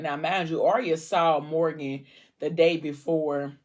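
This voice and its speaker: A woman's voice: low-pitched, fairly even intonation, a little slow, a little mellow. A woman vlogger casually retelling a book plot between bites and acting out the dialogue. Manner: conversational, with fillers. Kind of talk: casual storytelling while eating.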